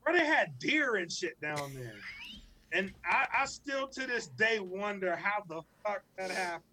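A man, probably in his thirties, co-hosting a podcast, telling stories in casual, profane, animated chat. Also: sits high, unhurried, a little hiss or hum, rough recording. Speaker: podcast co-host.

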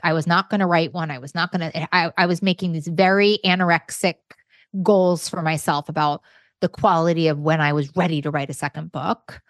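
A woman's voice: low voice, dry recording, clean studio sound. Blunt irreverent woman therapist. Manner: irreverent, blunt straight talk. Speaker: therapist guest. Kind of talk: casual podcast conversation.

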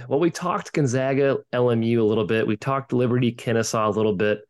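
A man hosting a casual sports betting podcast, upbeat and opinionated, often repeating a word as he starts a thought. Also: medium pitch. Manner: upbeat, quick to share opinions, repeats words when starting. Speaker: podcast host leading segments.

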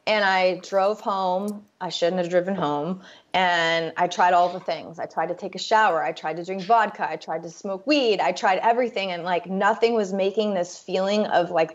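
A woman with a lowish voice tells her own story to an interviewer in a candid, halting way, stopping and restarting as she goes. The recording sounds dull and lo-fi. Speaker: guest telling her recovery story.

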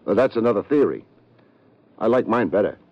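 A hard-boiled private eye in an old radio drama, narrating and cracking dry jokes. His voice is on the low side and moves a lot. The recording is dull and lo-fi. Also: big pitch swings, fairly quick, no echo. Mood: wry. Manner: wry, dry wisecracks. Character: wry male private detective, hard-boiled. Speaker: narrator and detective. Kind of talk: 1950s radio drama acting.

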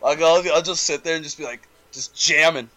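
A man's voice: a little high, fairly even intonation, fairly quick, bright, forceful tone. A young man in casual chat, telling stories about himself in a laid-back, self-mocking way with laughs.

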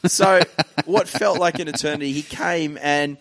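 A man, a comedian and podcast host, telling a story in casual chat. He swears often and acts out his own panic in a high, strained voice. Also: fairly even intonation, normal speed, a bit bright.

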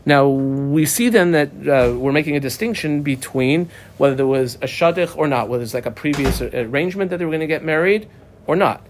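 Male Talmud teacher, casual and folksy, fairly high voice, lively pitch. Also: a little fast, slight background noise. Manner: animated, folksy, mixes in Hebrew and Aramaic terms. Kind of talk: casual lecture reading through a text.

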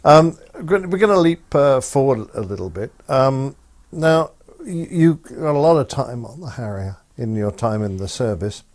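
A man's voice: medium pitch, very animated, moderate pace, a little mellow. A man hosting a podcast, asking interview questions politely with hesitant fillers. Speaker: podcast host.

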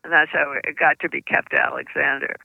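Gravelly-voiced older woman, halting. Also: low voice, little pitch movement, no room sound, phone-quality sound. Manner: halting, with frequent restarts. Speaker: children's book author, guest. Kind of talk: conversational interview storytelling.

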